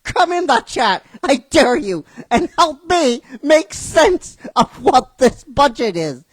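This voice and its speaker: A woman hosting a show, ranting in excited disbelief, swearing and laughing. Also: high-pitched, takes it slowly, dry recording. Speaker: host. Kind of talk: casual ranting commentary.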